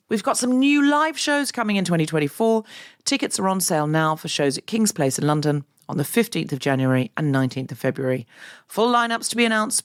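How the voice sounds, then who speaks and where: A woman hosting a podcast, reading upbeat scripted announcements in a chatty, friendly way. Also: low voice. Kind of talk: scripted promo read.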